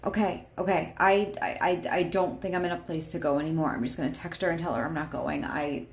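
A woman playing a calm partner who speaks softly and asks politely for the shouting to stop. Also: deep voice, fairly quick. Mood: apologetic. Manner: soft, careful and apologetic, asking politely. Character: calm, pleading partner trying to stay polite. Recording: roomy echo.

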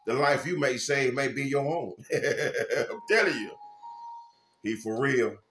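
A man, a minister, preaching an informal sermon with fervent, repetitive phrasing and sudden loud bursts. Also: medium pitch, expressive, measured pace, roomy sound, faint music behind.

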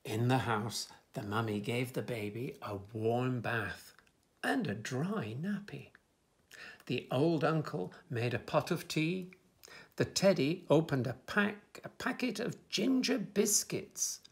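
A man reading a children's picture book aloud as storyteller, gentle and expressive. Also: medium pitch, slow.

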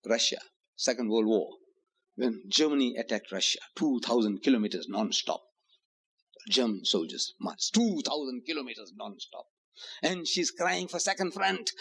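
A man's voice: medium pitch, a bit bright. A man from Africa, giving a public lecture in a hotel hall and driving his points home with rhetorical questions and repetition. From South Africa. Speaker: Islamic lecturer.

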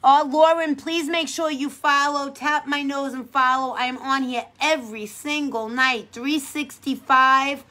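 A woman's voice: high voice, fairly even intonation, a little slow, hardly any pauses, bright, forceful tone. A woman from hosting a casual makeup livestream, chatting with viewers in a rambling, upbeat, encouraging way. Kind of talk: casual livestream chat reading comments.

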